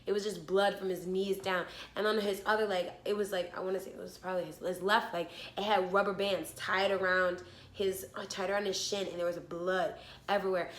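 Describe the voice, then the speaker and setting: A woman's voice: mid-range voice, flat delivery, fairly quick. A young woman vlogger animatedly retelling a frightening story, swearing freely and talking breathlessly. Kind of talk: storytime vlog.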